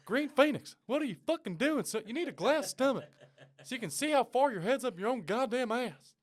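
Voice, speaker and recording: A man doing an impression of a cartoon dad as a gruff middle-aged football coach, scolding and cursing in a drawl. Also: very high-pitched, expressive, fairly quick, pitched above the performer's own voice.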